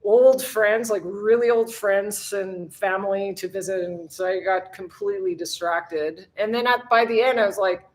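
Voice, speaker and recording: A woman's voice: medium pitch, moderate pace, hardly any pauses. A woman from the United States hosting a casual livestream, chatting with viewers and answering their comments. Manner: chatty, swears lightly, reads and answers comments. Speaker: livestream host. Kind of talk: casual live chat with viewers. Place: outdoors in bright sun.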